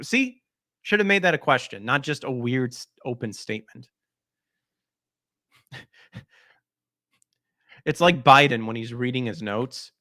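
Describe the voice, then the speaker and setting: A male podcast host rants about gaming news, mocking what he reads with blunt, crude sarcasm. His voice sits in a middle pitch, and the sound is close and dry, with no room echo. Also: unhurried, pauses often, pushed and bright. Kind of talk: ranting gaming news commentary.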